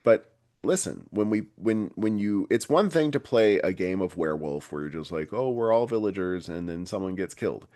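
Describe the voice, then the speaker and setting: A man's voice: sits low, moderate pace, darkish tone, no echo. A man hosting a podcast in casual banter, with dry self-mocking jokes. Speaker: podcast host.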